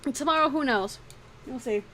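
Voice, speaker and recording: A woman's voice: sits high, brisk, a bit bright. A woman streaming while she draws, chatting casually and frankly, laughing often and swearing freely. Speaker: streaming artist. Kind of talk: casual chat during a drawing stream.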